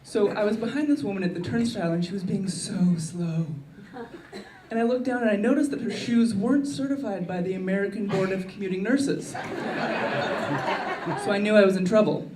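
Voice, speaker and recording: A woman doing a stand-up routine with a wry, deadpan delivery in a comedy club. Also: medium pitch, brisk, recorded from a distance. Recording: echoey club miked from afar, crowd laughter.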